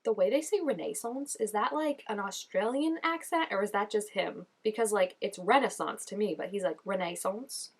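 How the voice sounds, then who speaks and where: A woman in the middle of her pitch range chats through an episode in a casual reaction vlog. Her talk is gushing and full of filler words. She often leaps up high when something surprises her. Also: moderate pace, hardly any pauses, breathy edge. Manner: gushing and chatty, full of "like" and "oh my gosh"; excitable, with sudden jumps up in pitch. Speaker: show reaction vlogger.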